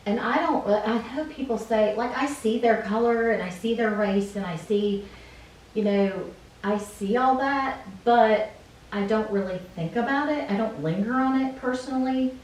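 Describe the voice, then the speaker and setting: A woman's voice: fairly high pitch, moderate pace, darkish tone. A woman teacher answering interview questions earnestly, often through rhetorical questions. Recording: very echoey room, distant mic, faint noise.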